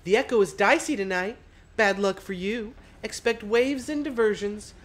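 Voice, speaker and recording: A woman voicing a chatty, folksy middle-aged female tugboat pilot in a video game, with a slightly hoarse put-on voice. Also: mid-range voice, normal speed, pitched above the performer's own voice, natural voice. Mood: friendly.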